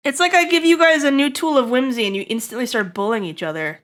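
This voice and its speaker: A woman streaming live, chatting to her viewers in an excitable, giggly way. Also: high voice, fast. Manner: excitable, giggly, talks straight to chat.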